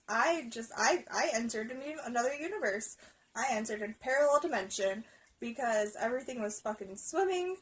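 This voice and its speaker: A woman's voice: a little high, low-quality recording. A young adult woman telling a rambling storytime vlog story, swearing constantly and laughing as she goes. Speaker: vlogger. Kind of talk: casual storytime.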